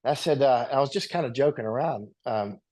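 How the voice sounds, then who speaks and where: A man's voice: mid-range voice, fairly quick, darkish tone. A man, a guest on an interview show, telling stories in a rambling, conversational way and often checking in with "right?". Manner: rambling anecdotal, tag questions.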